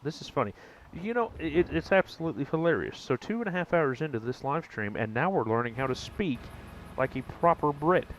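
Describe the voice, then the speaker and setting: A man's voice: fairly high pitch, expressive, fairly quick, a little hiss or hum. An American man chatting casually and jokingly with viewers during a gaming live stream. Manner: rambling, jokey, talks to chat.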